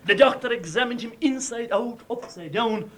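A man with an Irish accent telling a traditional folk tale in a lively, dramatic way. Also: very high-pitched, moderate pace. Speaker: storyteller.

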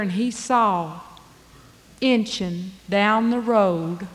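Slow drawling woman storyteller. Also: medium pitch. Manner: drawling, dialect-rich telling. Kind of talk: folk storytelling performance. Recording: long hall reverb.

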